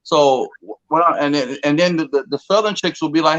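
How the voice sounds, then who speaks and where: A man from the DC area, talking in a rambling, animated way in a casual group debate, often repeating words. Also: on the high side, brisk, highs cut off. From DC, Maryland, Virginia area.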